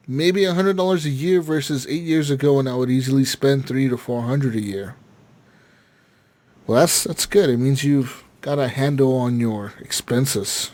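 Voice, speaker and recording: A man's voice: medium pitch, darkish tone. A man hosting a casual gaming podcast, reading listener comments aloud with lots of swearing and laughter.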